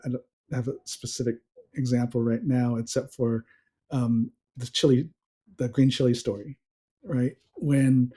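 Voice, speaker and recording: Guy on a podcast telling a story, husky voice, keeps laughing, gets animated. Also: medium pitch. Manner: animated, laughs often while telling stories. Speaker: podcast guest. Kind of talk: casual storytelling.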